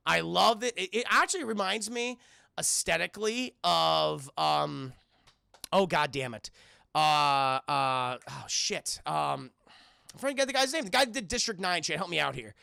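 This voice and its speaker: A man's voice: sits high, measured pace, gravelly, pushed and bright, dry recording, clean studio sound. A man streaming a film recap to his chat, acting out the characters' lines in between, with laughter and swearing. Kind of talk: animated scene-by-scene retelling to chat.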